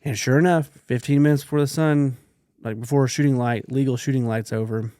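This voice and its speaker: A man's voice: mid-range voice, fairly quick, no echo, clean studio sound. A man co-hosting a podcast, telling stories in casual chat and acting out the quotes, sometimes dropping to a whisper. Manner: animated storyteller, acts out quotes, drops to a whisper. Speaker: podcast co-host.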